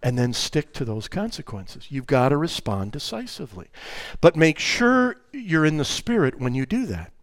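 A grandfather's sermon on raising children comes through with no room sound, his voice on the high side at a moderate pace. Animated and emphatic, he acts out family dialogues along the way.

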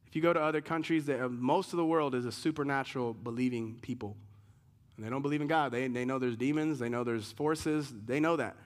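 A man preaching a sermon as pastor, emphatic, rising sharply in pitch when he reads scripture aloud. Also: a little fast.

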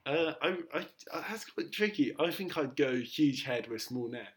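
A young man in a relaxed chat with a playful, jokey way of talking. His pitch sits in the middle, and he keeps an easy, unhurried pace. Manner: playful, laughs often, jokey. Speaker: podcast co-host. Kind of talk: casual chat.

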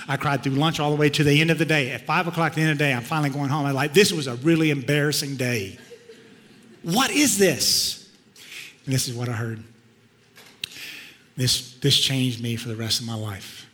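A middle-aged man, a pastor, telling a personal story in a sermon, swinging from loud outbursts to hushed tones. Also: fairly high pitch, steady tone, fast. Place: church sanctuary. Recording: long reverb of a large hall.

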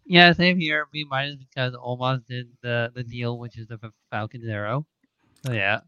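A man's voice: mid-range voice, fairly even intonation, moderate pace, bright, forceful tone, smooth, no room sound. A man co-hosting a casual podcast chat, chiming in with short interjections. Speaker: podcast co-host. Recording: muffled lo-fi mic.

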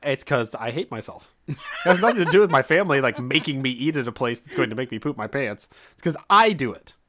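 A man's voice: mid-range voice, animated, fast, sharp tone. A man co-hosting a casual chat, telling rambling, self-deprecating stories with many restarts. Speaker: podcast co-host.

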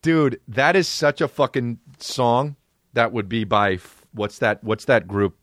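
A man hosting a comedy podcast, ranting excitably and swearing as he jumps between voices. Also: medium pitch, unhurried, no room sound, studio quality. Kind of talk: profane comedic rant.

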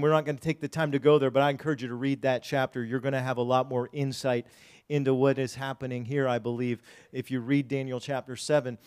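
A man preaching a sermon, speaking straight to the congregation, dropping to quiet asides and rising to loud, drawn-out emphasis. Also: on the high side, clear, resonant tone. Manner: folksy, addresses the congregation directly. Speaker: pastor.

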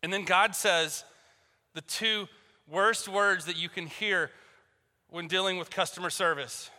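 A man's voice: high voice, steady tone, unhurried, bright, forceful tone. A man preaching a sermon, telling a story and acting out both sides of a phone call with jokes. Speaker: pastor. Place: church hall. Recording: long hall reverb.

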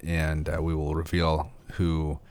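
Deep-voiced deadpan podcast host man. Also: takes it slowly. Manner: deadpan sarcastic joking. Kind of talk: casual podcast chat.

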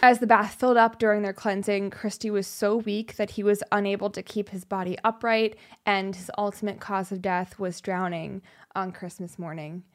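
Young woman on a podcast, slow somber true crime telling, lots of ums and sighs. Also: medium pitch, steady tone. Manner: somber, halting, with fillers and sighs. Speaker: podcast co-host.

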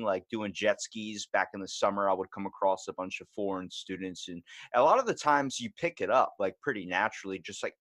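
A man hosting a podcast, telling stories in an animated, rambling way, full of "like". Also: on the low side, no echo. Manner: rambling, animated storyteller, many "like"s. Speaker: podcast host. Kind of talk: casual podcast chat.

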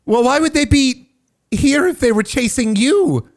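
A man's voice: very high-pitched, lively intonation, measured pace, voice pushed up. A man voicing a wary young girl who suspiciously demands answers from strangers. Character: wary young girl, indignant homeowner's daughter.

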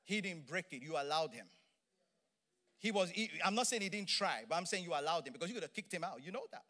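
Middle-aged male preacher, high and bright tone, emphatic, lively sermon delivery. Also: quick pace. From Nigeria. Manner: animated, emphatic, playful asides.

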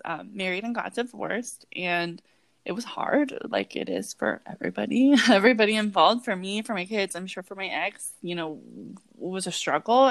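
A woman in her thirties speaks in a casual, heartfelt conversation. Her delivery is earnest and halting, full of restarts. The sound is dry and close, with no room around it. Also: fairly low pitch, a bit bright, dry recording. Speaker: podcast co-host.

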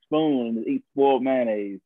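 A man's voice: mid-range voice, normal speed, no room sound. A man co-hosting a podcast, rambling in a laid-back, profane way. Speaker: podcast co-host. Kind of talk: casual opinionated chat. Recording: tinny phone-like line.

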